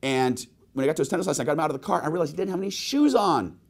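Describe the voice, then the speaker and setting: Upset wife as retold by a man, lively swinging pitch. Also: racing, gravelly. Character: upset wife telling a story, adult woman.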